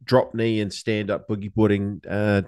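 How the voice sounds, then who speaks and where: Casting: New bloke, low voice, relaxed sweary podcast co-host, dry close mic. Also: male voice, normal speed, smooth, no echo. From New Zealand. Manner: laid-back, sweary banter with frequent ums. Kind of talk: casual chat.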